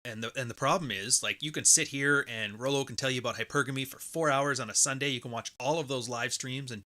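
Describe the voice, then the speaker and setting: Man, podcast host, bright tense tone, casual rambling livestream chat, close mic. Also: mid-range voice, fast talker. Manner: casual, rambling, reads out viewer messages. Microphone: close microphone.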